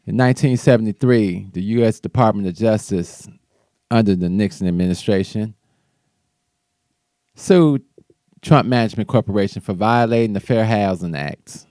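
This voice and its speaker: A show host with a low, mellow voice talks politics casually, tripping over words and starting sentences again. His pace is moderate, and the recording is dry and intimate with no room around it.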